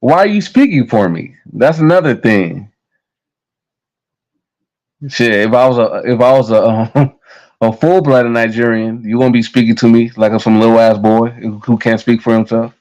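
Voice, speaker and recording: A man's voice: mid-range voice, moderate pace, darkish tone, muffled recording. A young American man ranting to camera in a heated, profane, repetitive way. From United States. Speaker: vlogger. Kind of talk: casual rant to camera.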